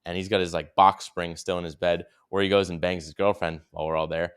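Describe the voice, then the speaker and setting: A man's voice: deep voice, little pitch movement, fast, clean tone. A young man hosting a podcast, telling a travel story in a rambling, casual way, swearing freely and saying "dude" a lot. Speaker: podcast co-host.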